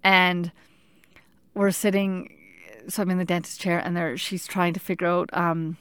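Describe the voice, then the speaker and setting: A middle-aged woman telling a personal story in casual talk, animated and halting, with many restarts and filler "like"s. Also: lowish voice, smooth, no room sound.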